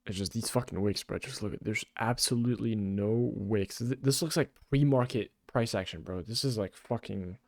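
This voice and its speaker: A young man giving casual, excitable live trading commentary, swearing often and calling people "bro". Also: on the low side, normal speed, gravelly, hardly any pauses, no echo. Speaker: day trader.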